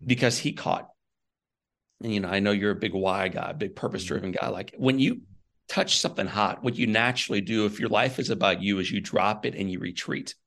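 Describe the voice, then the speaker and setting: A man from Missouri, a guest and author, telling his own story in an earnest, animated way and often saying "man". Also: lowish voice, a little fast, gravelly. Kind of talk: conversational storytelling.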